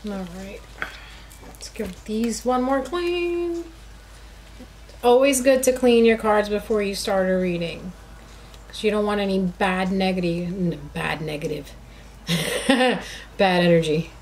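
A woman chats her way through a tarot reading, talking to her cards and to her viewers in a relaxed, self-amused way. Her voice sits in an ordinary middle register. Faint noise hums under the recording. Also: mid-range voice, measured pace. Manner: chatty, laughs at herself, talks to the cards. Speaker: tarot reader. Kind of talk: casual tarot reading chat.

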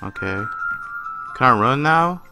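A man's voice: medium pitch, lively intonation, measured pace, gravelly, music in the background. A young man commentating a horror game he is playing at home. He swears a lot and swings from muttering to panicked screaming. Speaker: gaming YouTuber.

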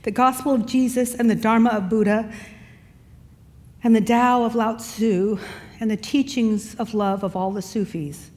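A woman's voice: fairly high pitch, fairly even intonation, measured pace, a little mellow. Woman minister preaching in a big echoing hall. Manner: storytelling, conversational with asides to the congregation. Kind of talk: sermon. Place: church sanctuary. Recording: long reverb in a large hall.

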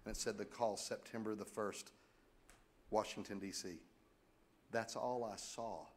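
Animated middle-aged male pastor preaching. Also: fairly low pitch, unhurried. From United States. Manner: animated, joking, bursts into loud exclamations. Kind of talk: sermon.

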